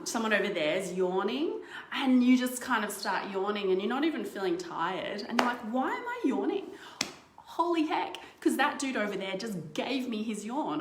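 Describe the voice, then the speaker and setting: A woman's voice: mid-range voice, echoey room. Chatty woman presenting a live online workshop. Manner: chatty, playful, laughs often.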